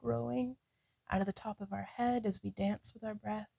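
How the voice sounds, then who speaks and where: A woman's voice: medium pitch, fairly even intonation, moderate pace, dry recording, lo-fi sound. A woman narrating her own yoga practice, talking through poses with frequent sighs, out of breath and upbeat as she encourages herself. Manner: breathy, sighing between cues. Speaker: yoga vlogger.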